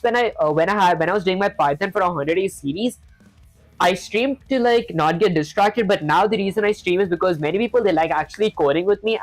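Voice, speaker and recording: A woman's voice: mid-range voice, no room sound, low-quality recording. A woman streaming herself coding, talking through each step and chatting with viewers in a loose, filler-heavy way.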